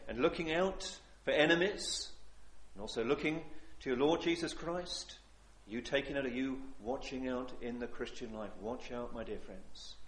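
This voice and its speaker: A man's voice: medium pitch, echoey room. A man preaching a sermon in an earnest, pleading way, repeating phrases for emphasis.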